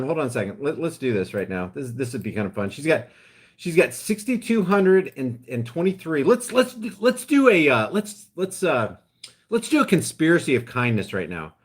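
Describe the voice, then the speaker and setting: A man hosting a live stream, ranting in a heated, emphatic way, then dropping into quieter asides to his viewers. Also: medium pitch. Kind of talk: impassioned live-stream rant.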